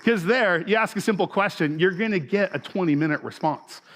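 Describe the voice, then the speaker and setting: A man's voice: high voice, a little fast, fairly bright tone. A man in his forties, a pastor, giving a sermon in a loose conversational way with many fillers and restarts.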